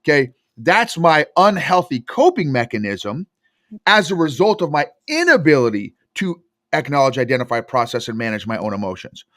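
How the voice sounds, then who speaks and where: A man's voice: medium pitch, moderate pace, no room sound, clean studio sound. A man who coaches emotional intelligence, telling stories emphatically in a podcast interview. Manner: emphatic, animated storytelling.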